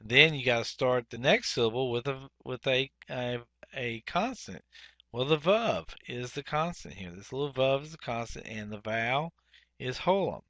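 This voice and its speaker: A man teaching a Biblical Hebrew workbook lesson, speaking deliberately and saying each Hebrew word twice, with frequent "uh" fillers. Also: mid-range voice, expressive, pushed and bright, dry recording, highs cut off. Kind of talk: workbook lesson, explaining grammar.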